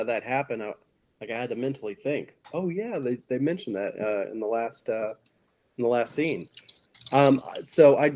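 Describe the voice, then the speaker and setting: A man co-hosting a podcast who talks casually and haltingly about a film, with many fillers. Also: mid-range voice, darkish tone. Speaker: podcast co-host.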